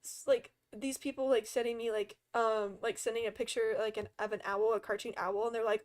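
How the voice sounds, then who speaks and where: A woman's voice: a little high, little pitch movement, fairly quick, few pauses. A young woman streaming and chatting casually with friends, talking animatedly, swearing freely and laughing often.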